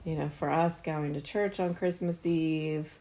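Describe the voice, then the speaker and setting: A woman's voice: sits low, steady tone, a little slow, mellow. A middle-aged woman co-hosting a podcast, chatting earnestly and telling stories with lots of fillers. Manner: earnest, storytelling, many fillers. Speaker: podcast co-host. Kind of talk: casual chat.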